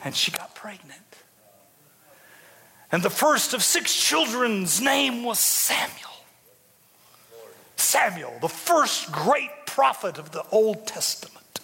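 A high-voiced man preaching with a bright, gravelly, husky tone and wildly swooping pitch. He tells the story like a dramatic, folksy preacher, tossing joking asides to the congregation. His voice rings through the long reverb of a large church hall. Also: very animated, takes it slowly, pauses often. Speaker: bishop preaching. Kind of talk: sermon.

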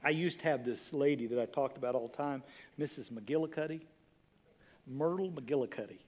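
A pastor preaching a sermon to his congregation, swinging between loud exclamations and hushed, intimate lines, with casual asides. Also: medium pitch, a little fast. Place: church sanctuary.

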